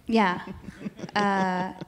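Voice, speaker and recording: On a stage before a live audience, a Swedish woman in her thirties, a guest singer, gives a candid, casual interview. Her pitch is everyday and her delivery flat and very slow. She rambles, restarts, says "like" constantly, and laughs often.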